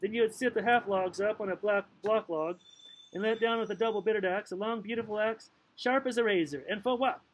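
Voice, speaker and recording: High-pitched guy reading a book out loud at home, loose and playful, trips over a word sometimes. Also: fairly quick, rough recording. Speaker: audiobook reader. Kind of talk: casual read-aloud narration.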